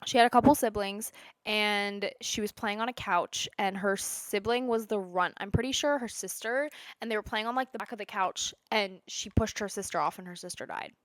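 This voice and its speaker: A chatty woman in her twenties chats to camera from home, rambling from one tangent to another in a loose, casual way. Her voice sits at an ordinary middle pitch and sounds close and dry, with no room echo. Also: moderate pace. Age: 20s. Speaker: lifestyle creator. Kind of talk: casual sit-down chat.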